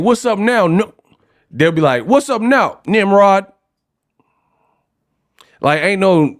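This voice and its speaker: A man from California hosting a livestream, ranting casually in an animated, slangy, joking way. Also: mid-range voice. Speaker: host.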